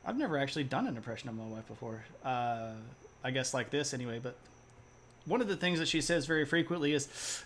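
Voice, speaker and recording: A man's voice: mid-range voice, expressive, fairly quick, fairly bright tone, a little hiss or hum. A man hosting a casual history live stream, chatty and laughing often, with plenty of fillers. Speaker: teacher.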